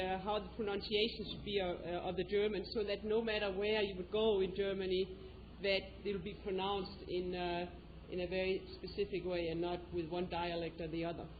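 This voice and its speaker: A woman leading a seminar speaks in a halting way, pausing often to search for her words. Her pitch is ordinary. The recording is dull and muffled, with a light hiss underneath. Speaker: seminar lecturer. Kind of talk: informal seminar talk.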